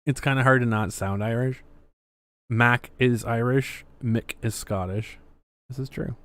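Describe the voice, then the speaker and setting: A man's voice: mid-range voice, fairly even intonation, measured pace, fairly bright tone. A man hosting a casual livestream, reading viewer messages aloud with sarcastic, swearing commentary. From Canada. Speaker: livestream host.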